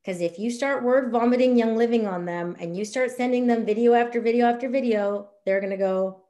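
Lively woman coaching a sales class. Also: a little high, fairly quick. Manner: animated, acts out dialogue with big voices. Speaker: essential oil sales trainer.

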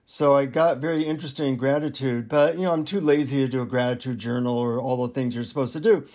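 A man being interviewed as an author, telling anecdotes in a relaxed, self-deprecating way. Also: medium pitch, fast. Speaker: author and guest. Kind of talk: interview storytelling.

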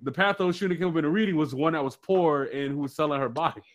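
A man telling a personal story in casual chat, animated and slangy. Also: fairly high pitch, fast. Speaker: guest.

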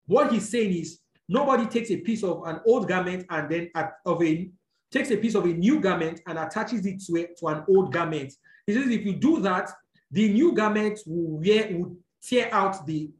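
A preacher in the middle of a teaching sermon, walking through scripture point by point. The voice sits at a mid pitch and keeps asking "all right?" as it goes, fixing small slips along the way. The recording rings with a noticeable room echo. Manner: explanatory, checks in with "all right?", corrects own slips. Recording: echoey room.

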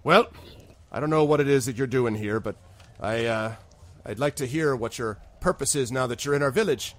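A woman's voice: a bass voice, normal speed. A man voicing a stern, scolding middle-aged woman who is a village constable. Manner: curt, scolding.

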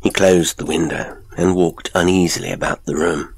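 A man reading a classic horror story as narrator, in a slow, measured, ominous storytelling manner. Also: sits low, steady tone, breathy edge, no echo.

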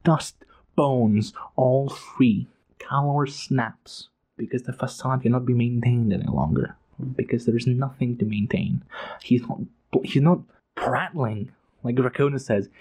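A man's voice: mid-range voice, moderate pace, darkish tone, husky. A man giving an emphatic, profane, passionate casual analysis of a book. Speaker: book commentator.

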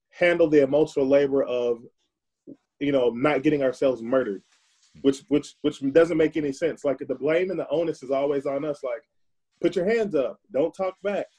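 A man's voice: a little high, normal speed, mellow. A man, a guest on a podcast, speaking earnestly and at length, often repeating words as he searches for what to say. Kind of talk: conversational, reflective monologue.

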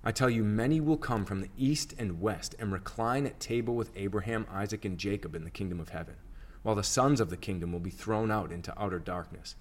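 A man reading scripture aloud, speaking the words of a calm, authoritative male teacher in a measured, even way. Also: lowish voice, lightly acted.

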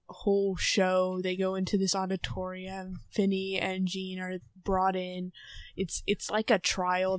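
A woman's voice: medium pitch, smooth, dry recording. A young woman co-hosting a podcast, summarizing a novel in a casual, rambling way with many fillers. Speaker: podcast co-host. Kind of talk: casual book discussion.

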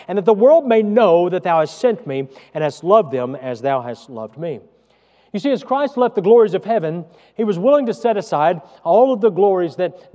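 A pastor preaching a sermon, swinging between loud emphasis and hushed asides. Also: male voice, on the high side, big-room sound.

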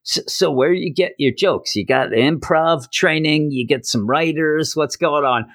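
A man's voice: a little high, a bit bright, dry recording, clean studio sound, voice pushed up. A man doing a pushy, blustering newsman. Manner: pushy, rapid-fire questioning. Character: blustering middle-aged male newsman turned podcaster.

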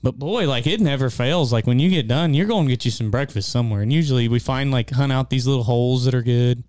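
Folksy man, smooth and dry. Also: medium pitch, fast, no echo. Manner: folksy, animated storyteller with rural grammar. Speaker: co-host of an outdoors hunting show. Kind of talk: casual storytelling chat.

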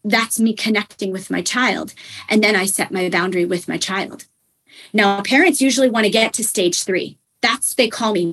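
A woman's voice: mid-range voice, moderate pace, fairly bright tone, husky, low-quality recording. A young adult woman, a parenting coach, explaining in an earnest, conversational way with frequent fillers.

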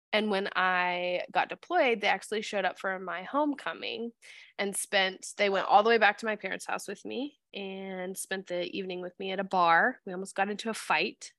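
A woman in her thirties co-hosting a podcast, chatting casually and telling animated, profane stories. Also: medium pitch, dry recording, studio quality. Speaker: podcast co-host. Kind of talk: casual chat.

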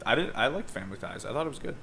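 Young male co-host, bright tone, eager casual chatter. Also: medium pitch, sing-song, racing, gravelly, a little hiss or hum. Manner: enthusiastic, swears casually. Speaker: podcast co-host. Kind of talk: casual chat.

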